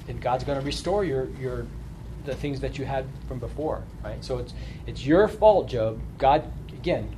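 A man's voice: mid-range voice, a little mellow, slight background noise. A man leading a Bible study, explaining informally and often checking in with a rhetorical "right?". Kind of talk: conversational Bible study lesson.

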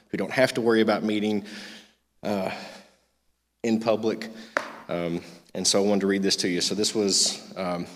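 A man's voice: lowish voice, background noise. A man leading a youth group, making loose, rambling announcements full of fillers and then reading a devotional aloud in a church meeting room. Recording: long hall reverb.

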